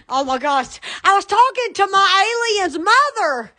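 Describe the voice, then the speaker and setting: A woman's voice: very high voice, big pitch swings, unhurried, sharp tone. A woman chatting casually on a live stream from her phone, giggling, squealing and rambling. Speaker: shop owner streaming live.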